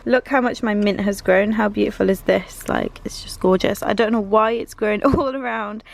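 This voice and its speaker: A woman's voice: mid-range voice, fairly even intonation, normal speed, vocal fry, poor audio. A young woman vlogging casually at home and in the garden, chatty and upbeat, laughing often as she talks to the camera. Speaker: vlogger and mother. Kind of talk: casual home vlog chat.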